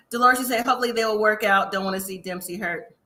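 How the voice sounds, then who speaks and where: A woman hosting a casual live-stream recap of a reality show, chatty and sassy, acting out what people said in quick asides. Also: mid-range voice, bright, forceful tone.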